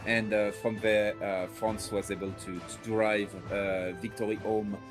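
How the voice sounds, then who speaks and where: A man casting a live esports match, speaking with frequent filler hesitations and animated bursts. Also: lowish voice, unhurried, over music. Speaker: esports caster. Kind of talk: live game commentary.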